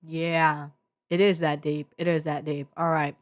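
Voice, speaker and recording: Low-voiced excitable young woman reviewer. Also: unhurried, no echo. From Bay Area, US. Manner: excitable, swears freely, slangy, many fillers. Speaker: vlogger reviewing media. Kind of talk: casual media review. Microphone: own desk mic.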